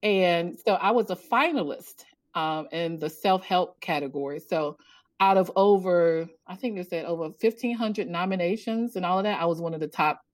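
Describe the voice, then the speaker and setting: A woman guest in a casual interview, animated, telling her story and laughing often. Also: normal speed. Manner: animated, laughs often, acts out quotes in a higher voice. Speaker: podcast guest, author and coach.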